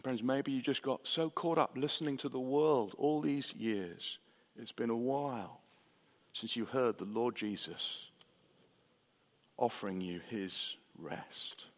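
Earnest preacher in an echoing hall. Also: male voice, mid-range voice, takes it slowly. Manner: earnest, rhetorical questions and repetition. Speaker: pastor. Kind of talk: sermon. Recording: reverberant church hall.

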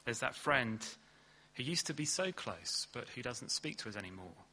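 A man preaching a sermon in earnest, leaning hard on key words and then dropping low and slow. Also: animated, pushed and bright. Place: church hall.

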